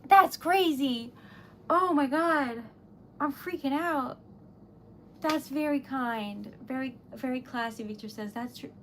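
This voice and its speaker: A woman livestreamer with a very high voice talks slowly while tearful and giggly, laughing through tears. She stammers and gushes thanks in a flustered way. Faint noise sits under her desk-mic sound. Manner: breathless gushing thanks. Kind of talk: casual livestream chat.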